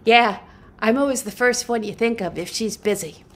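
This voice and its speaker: A middle-aged woman folk singer, here as a guest, delivers a funny, self-mocking story full of liveliness and frequent laughter. She speaks at normal speed in a voice on the high side.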